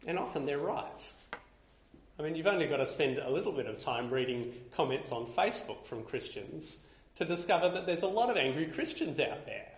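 Male preacher, raised pitch, lively delivery, roomy echoing sound, suits a church sermon read. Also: a little fast. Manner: expressive, building lists with rising intensity. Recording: roomy echo.

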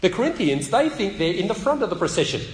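A man's voice: high-pitched, very animated, quick pace. A man preaching a sermon at a public meeting, talking conversationally and asking his listeners questions. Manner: conversational, asks the audience questions. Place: meeting hall. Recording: echoey hall with long reverb.

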